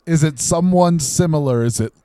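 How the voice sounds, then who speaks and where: A man's voice: on the high side, normal speed, mellow, smooth, no echo. A young man co-hosting a podcast in casual comedic chat, playfully spinning a made-up story. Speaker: podcast co-host.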